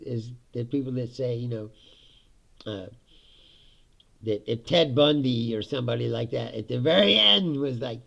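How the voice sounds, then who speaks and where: Man host, casual profane rant, gravelly and animated; dull lo-fi recording. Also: medium pitch. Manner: profane, laughs often, animated. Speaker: podcast host. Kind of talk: casual ranting monologue. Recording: dull lo-fi sound.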